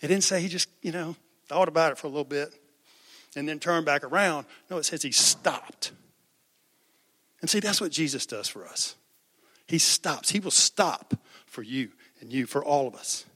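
A man's voice: fairly high pitch, moderate pace, pauses often, pushed and bright, in a large hall. A man preaching a sermon as pastor, conversational, raising his voice for quoted cries.

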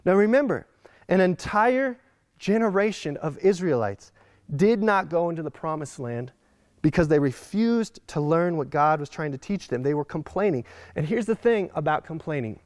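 A male pastor with a high voice preaches animatedly and slips into the voices of the people he quotes. The sound is dry and close, with no echo. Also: animated, moderate pace, a little mellow. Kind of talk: sermon.

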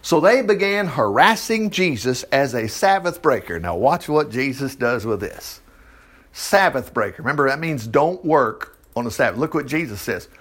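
Animated folksy preacher man. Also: mid-range voice, moderate pace. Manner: folksy, animated, reads scripture aloud with asides. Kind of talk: Bible teaching.

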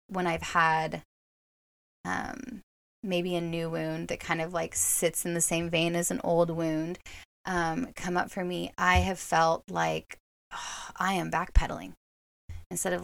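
Female podcast host, reflective and halting storyteller, lots of vocal fry, dry close sound. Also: fairly low pitch, fairly bright tone, dry recording. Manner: reflective, halting, many fillers and restarts. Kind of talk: personal storytelling.

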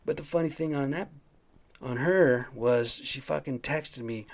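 A man's voice: mid-range voice, measured pace, darkish tone. A man hosting his own podcast, telling a rambling, profane story in a casual, worked-up way. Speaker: podcast host. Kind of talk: casual solo monologue.

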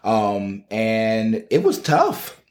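A man, a podcast guest, telling his personal story in casual, earnest conversation with animated asides. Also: lowish voice, extremely slow.

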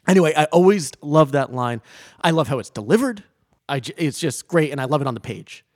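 A man co-hosting a podcast, chatting casually with a fairly high, lively voice that swings up and down as he laughs and talks. The sound is close and dry. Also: fairly quick, no room sound. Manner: animated, laughs often, restarts words. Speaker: podcast co-host. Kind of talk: casual chat.

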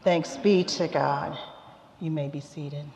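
Slow, measured preacher in an echoing sanctuary. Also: mid-range voice, steady tone, creaky, darkish tone. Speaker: lay preacher. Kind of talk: scripture reading and sermon. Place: church sanctuary. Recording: echoey hall, dull sound.

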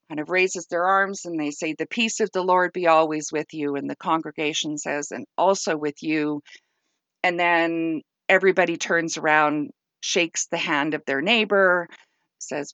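Middle-aged woman podcaster, low voice, dry close sound, candid and self-deprecating, laughs a lot. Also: a bit bright, dry recording. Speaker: podcast host, former clergy. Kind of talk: casual storytelling monologue.

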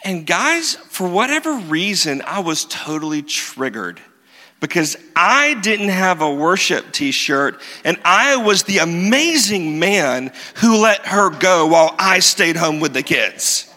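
A man preaching a sermon, animated and self-mocking, with emphatic repeats. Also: high-pitched, takes it slowly. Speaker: pastor. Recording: reverberant hall.

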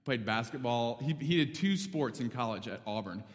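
A man from North Alabama preaching, telling a story in a casual, animated way with many fillers. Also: mid-range voice, moderate pace, in a large hall. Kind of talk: sermon storytelling.

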